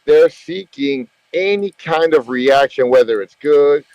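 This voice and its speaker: A man's voice: on the high side, measured pace, darkish tone, no room sound, highs cut off. A man hosting a casual voice chat, talking emphatically and at length, repeating himself and swearing freely. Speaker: gaming channel host. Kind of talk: casual group voice chat about a mobile strategy game.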